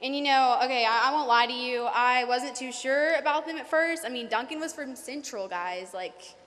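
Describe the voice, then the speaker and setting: Young woman, nervous graduation speaker, high and bright, long hall echo. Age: young adult. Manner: nervous, fast, many fillers. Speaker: salutatorian giving a graduation speech. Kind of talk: graduation speech. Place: large hall. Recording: reverberant hall.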